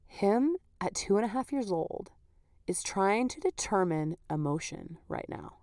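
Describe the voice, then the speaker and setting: A woman podcast host speaks a little slowly in a dark, mid-range voice that seems tired and not at full power, yet she's animated and laughs frequently. Her candid, chatty solo talk is full of "like" and "you know." The recording is dry and clean, studio-grade.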